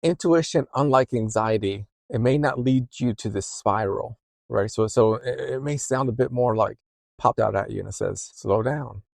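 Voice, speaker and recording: The voice is medium-pitched and creaky, moving at a normal speed in a dry recording. It belongs to a man who is a therapist and podcast host, explaining ideas in a chatty way and often asking "right?" to check in. His speech grows softer and quieter as he describes intuition.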